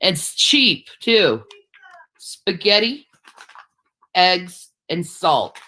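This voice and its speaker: A woman's voice: fairly low pitch, sing-song, extremely slow, sharp tone. A woman casually chatting to her livestream viewers while cooking.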